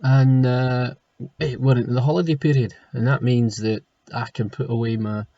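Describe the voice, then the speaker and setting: A Scottish man, a primary school teacher, talking in a homely, chatty way before reading a storybook aloud to children. His voice is husky, at a middling pitch, and the recording sounds dull and muffled. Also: steady tone, normal speed, warm tone. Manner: homely, chatty, rolls into broad Scots words. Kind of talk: casual chat then reading a storybook aloud.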